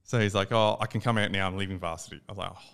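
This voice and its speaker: A young Australian man co-hosting a casual podcast chat. He tells an animated story, acts out the quoted lines, and swears casually. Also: sits low, racing, vocal fry, clean tone. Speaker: podcast co-host.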